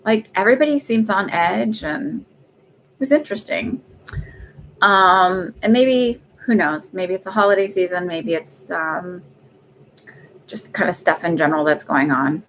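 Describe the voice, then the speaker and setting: A woman's voice: lowish voice, a little slow, a bit bright, slight background noise. A middle-aged woman hosting a psychic reading livestream, chatting casually and rambling with lots of fillers and laughs. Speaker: psychic medium livestream host.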